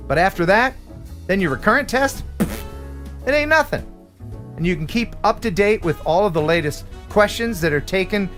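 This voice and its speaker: Casting note: American male host, high and lively voice, punning banter. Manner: animated, punning, jokey delivery. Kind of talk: live stream chat with jokes and sponsor reads.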